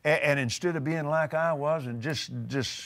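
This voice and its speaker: An older man, teaching on a talk show, emphatic and animated, repeating words for force. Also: a little high, normal speed. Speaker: preacher. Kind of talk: conversational teaching.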